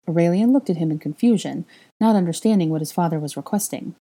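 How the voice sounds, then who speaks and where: A woman narrates a fan fiction story aloud in a steady, plain way. Her voice sits low and sounds husky and mellow. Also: fast talker. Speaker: reader.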